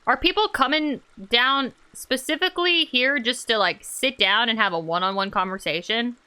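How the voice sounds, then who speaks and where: A woman's voice: fairly high pitch, moderate pace, clean tone. A woman streamer giving playful, jokey commentary while she plays a game. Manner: playful and animated, jokey asides. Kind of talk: casual let's-play commentary.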